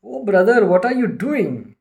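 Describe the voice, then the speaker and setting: An irritated ancient king scolds loudly in a high voice, as a male reader puts him on. His pitch rises and falls widely as he demands answers. It is a storybook moment in a spiritual reading. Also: sing-song, quick pace.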